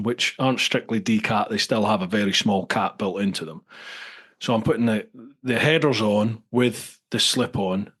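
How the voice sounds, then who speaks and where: A man's voice: fairly low pitch, fairly bright tone. A man from England hosting a podcast, chatting in a rambling, casual way and swearing now and then. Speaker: podcast host. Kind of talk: casual chat.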